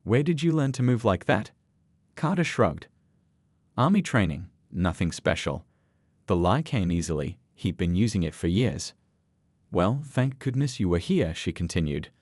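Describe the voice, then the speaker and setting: Guy reading a story, lowish voice, lively ups and downs, dry close mic. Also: measured pace, dry recording. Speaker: narrator. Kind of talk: scripted story narration.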